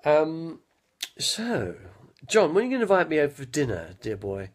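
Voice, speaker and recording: A man in his fifties telling rambling stories on a live stream, speaking slowly with a slight stutter and often losing his train of thought. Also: on the high side, wildly swooping pitch. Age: 50s. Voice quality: gravelly, husky. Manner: slow, halting, loses his train of thought. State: mild stutter after head injury. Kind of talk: rambling casual storytelling.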